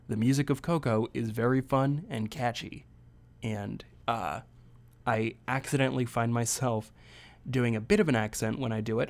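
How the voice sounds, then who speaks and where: A young man talks through a film review on his own podcast in a loose, casual way. He rambles, jokes and pokes fun at himself as he goes. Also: medium pitch. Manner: rambling, self-deprecating, jokey. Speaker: podcast host. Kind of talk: casual solo movie review.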